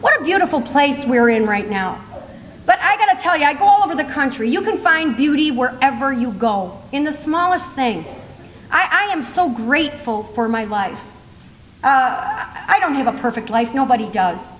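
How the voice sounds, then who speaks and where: A middle-aged woman speaking at a conference, telling funny stories in a chatty, animated way and laughing often. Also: high-pitched, moderate pace, a little hiss or hum. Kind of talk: humorous storytelling talk to a live audience. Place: large conference hall. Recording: reverberant hall with faint ambience.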